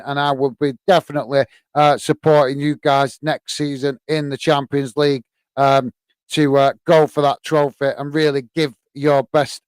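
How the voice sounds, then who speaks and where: A man's voice: medium pitch, clear, resonant tone, dry recording. A man from the UK hosting a live football watch-along, reading viewer comments in a hesitant, friendly way with lots of fillers and calling people mate.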